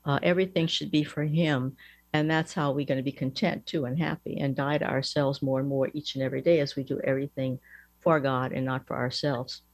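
A woman, a mother superior, giving a gentle and earnest devotional teaching with small fillers. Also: extremely low pitch, steady tone, fairly quick, no room sound.

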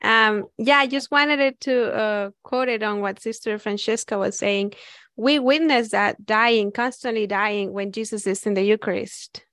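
A religious sister speaking hesitantly and softly. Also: female voice, medium pitch, a little slow, dry recording.

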